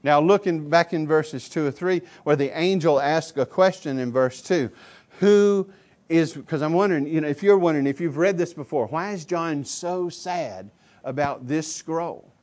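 A male pastor preaching a sermon, swinging between loud emphatic declarations and low quiet asides. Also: normal speed.

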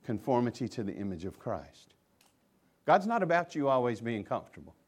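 A man preaching a sermon as pastor, impassioned and swinging between loud emphasis and hushed asides. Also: mid-range voice, big pitch swings, fairly quick, slightly rough.

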